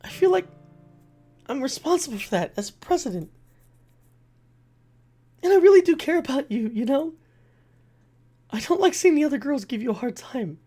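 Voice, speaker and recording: A woman's voice: high-pitched, very animated, moderate pace, pauses often, dark tone, soft background music, voice pushed up. A woman voicing a cheerful, caring teenage girl who is president of a school club, reading her lines in a sweet, earnest tone.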